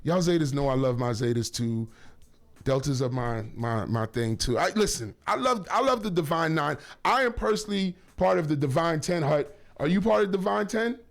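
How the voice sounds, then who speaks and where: A male radio host with a gravelly, fairly high voice, talking loosely into a studio mic. He rambles and jokes, corrects himself often, and keeps sending shout-outs. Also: animated, moderate pace. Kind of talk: casual talk radio.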